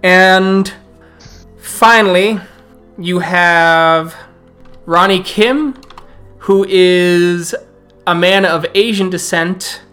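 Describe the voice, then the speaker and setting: Slow-talking male game master. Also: high voice, fairly even intonation, sharp tone, clear, resonant tone, soft background music. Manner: slow, drawn-out narration with restarts. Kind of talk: narrating a tabletop game.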